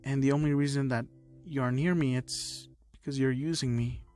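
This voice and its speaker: A man voicing a troubled teenage boy who is near tears, speaking in a shaky, halting way. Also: medium pitch, fairly even intonation, darkish tone, soft background music, lightly acted. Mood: upset. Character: troubled teen boy hero student, tearful.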